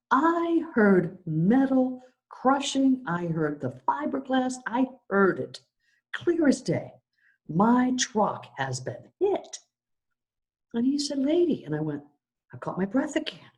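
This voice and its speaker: A middle-aged woman minister giving a sermon, telling a personal story and acting out the voices in it. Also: on the high side. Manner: animated, acts out her own story.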